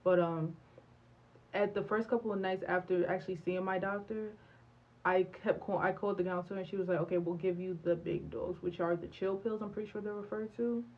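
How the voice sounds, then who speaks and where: A woman's voice: medium pitch, brisk, dull audio. Young woman telling a candid storytime. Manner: animated, candid, acts out dialogue with many fillers. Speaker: vlogger. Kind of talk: storytime vlog.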